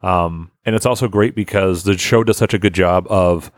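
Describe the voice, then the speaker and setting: Deep-voiced man chatting casually. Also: moderate pace, dry recording, clean studio sound. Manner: rambling, enthusiastic, swears often. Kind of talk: casual chat.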